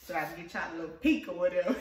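A woman who runs a small business, chatting excitedly to her viewers while she unboxes a package, laughing often, with the camera set some way off. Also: on the low side, very fast, recorded from a distance. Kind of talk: casual vlog chat to viewers. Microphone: camera at a distance. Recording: echoey room, voice off-mic.

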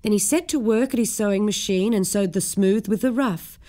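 A woman's voice: mid-range voice, normal speed, warm tone. Female storyteller, children's rhyme, lilting rhythmic read.

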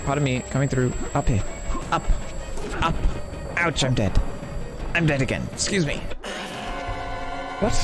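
A man narrates his horror game run at an unhurried pace, cracking jokes and talking to the characters. He yelps when startled and keeps up a playful running commentary. Clear game music plays behind him. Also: medium pitch, big pitch swings. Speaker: let's play gamer.

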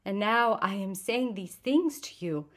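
A woman reading the part of a grieving adult refugee woman, speaking softly with controlled bitterness. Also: mid-range voice, animated, unhurried. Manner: soft, hushed, controlled grief.

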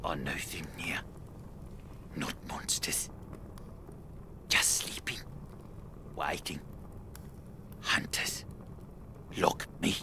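A man's voice: extremely low pitch, steady tone, very slow, pauses often, whispered, full character voice. A man voicing a starving, half-mad male wanderer in a video game, muttering in broken, swearing bursts with a foreign accent. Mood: whispering. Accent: foreign, unfamiliar to host. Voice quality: gravelly, raspy.

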